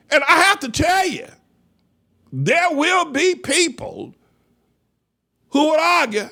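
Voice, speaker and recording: A man's voice: extremely high pitch, wildly swooping pitch, measured pace, long pauses, bright, forceful tone. A man pastor giving an impassioned sermon-style talk, stretching out emphatic rhetorical questions and repeating phrases for stress.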